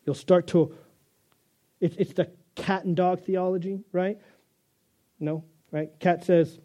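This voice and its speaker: A man's voice: high-pitched, fairly even intonation, takes it slowly, long pauses, mellow. A male pastor delivering a conversational sermon, joking and restarting as he goes.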